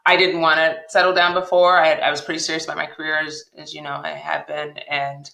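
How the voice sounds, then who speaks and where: A woman telling her personal story as a podcast guest, animated and acting out the dialogue she recalls. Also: deep voice, fast talker, vocal fry, reverberant, poor audio. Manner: animated retelling, acts out quoted dialogue.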